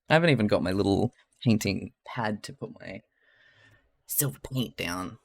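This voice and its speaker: A man's voice: on the low side, lively intonation, measured pace, creaky. An Australian man who streams live, talking casually and chattily to his chat while he crafts, rambling a little, laughing often and swearing freely.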